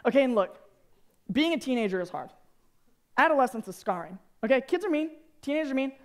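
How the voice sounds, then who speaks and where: A young man in his twenties from Arkansas, giving a joking, animated talk to students as a youth speaker. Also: extremely high pitch, quick pace. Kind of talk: sermon to students.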